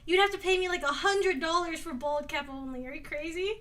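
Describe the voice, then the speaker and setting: A woman's voice: extremely high pitch, brisk, fairly bright tone, recorded from a distance. A woman livestreaming in a casual chat, giggling constantly and rambling while she fiddles with things off to the side. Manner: busy with her hands while talking, distracted. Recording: voice a bit off-mic.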